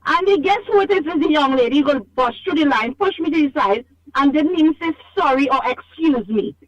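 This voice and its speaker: A woman's voice: sits high, expressive, a little fast. Emphatic Trinidadian woman caller on phone. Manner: emphatic, scolding, repeats herself for stress. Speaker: radio call-in caller. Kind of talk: animated call-in complaint. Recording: dull phone line.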